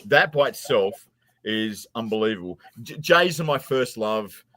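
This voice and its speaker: A man's voice: on the low side, animated, a little slow, fairly bright tone, no room sound. Guy hosting a beer stream, keeps stumbling over his words and ribbing people, dry close sound. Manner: rambling, stammering restarts, teasing. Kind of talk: casual chat on a livestream. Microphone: remote stream call.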